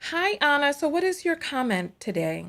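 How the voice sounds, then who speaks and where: A woman hosting a live call-in show, giving her commentary quickly and repeating words as she starts a thought. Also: high-pitched, sing-song, a bit bright. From United States.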